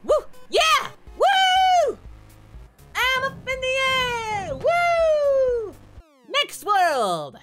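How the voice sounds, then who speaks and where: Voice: high-pitched, big pitch swings, measured pace, loud music behind the voice. A performer voicing Goku, a cheerful, dim-witted adult martial-arts hero, giving childlike, whooping commentary on a game and referring to himself in the third person. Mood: excitable. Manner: giddy, childlike, shrieks and whoops. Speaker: let's play commentator in character. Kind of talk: comedic parody game commentary.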